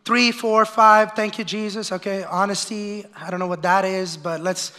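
A male pastor preaching a lively sermon in a church, calling out to the congregation and acting out the voices of complainers. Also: sits high, moderate pace. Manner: energetic, calls out to the congregation for response. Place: church sanctuary.

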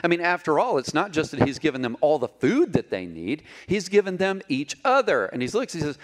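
A man's voice: on the high side, fairly quick, hardly any pauses. A middle-aged man preaching a sermon as pastor, telling stories with humor and joking with the congregation. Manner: animated storytelling, jokes with the congregation.

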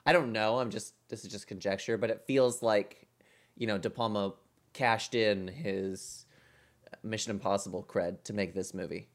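A man co-hosting a podcast in casual chat, thinking aloud with many pauses and fillers. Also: lowish voice, steady tone. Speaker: podcast co-host.

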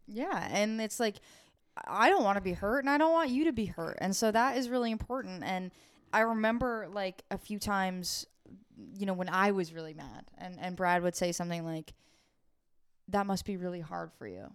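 A woman's voice: mid-range voice, moderate pace, smooth. A young woman co-hosting a podcast, speaking in an encouraging, affirming way in casual chat. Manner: warm-hearted, encouraging, affirming. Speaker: podcast co-host.

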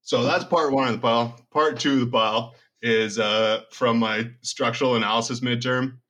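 A man's voice: mid-range voice, fairly even intonation, moderate pace, sharp tone. A young man in his twenties on a casual podcast chat, telling rambling, profane stories. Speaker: podcast co-host.

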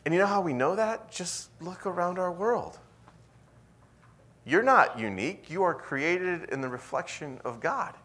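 A young man preaching a sermon in a lively, conversational way, sometimes dropping to a whisper. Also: high-pitched, a little slow. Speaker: pastor.

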